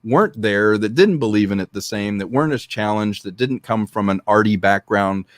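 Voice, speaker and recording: A man's voice: fairly low pitch, normal speed, no echo, clean studio sound. A man who is a filmmaker, a guest on a casual podcast, speaking reflectively and handing out advice.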